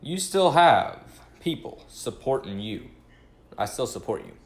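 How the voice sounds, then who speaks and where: A man reading meme captions aloud in a flat, deliberate way. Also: mid-range voice.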